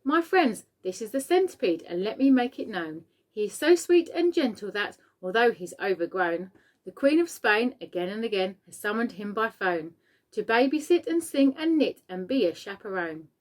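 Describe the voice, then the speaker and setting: A woman's voice: mid-range voice, lively intonation, normal speed, lightly acted. A woman reading aloud, voicing a cheerful, friendly small boy who introduces his friends. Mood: reciting. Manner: eager, reassuring.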